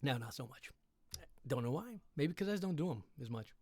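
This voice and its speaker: A man chatting on his own livestream between readings, rambling with quick, self-deprecating asides from his computer setup. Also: mid-range voice, lively intonation, a little mellow, dry recording. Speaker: livestream host reading stories. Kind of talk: casual chat on a livestream.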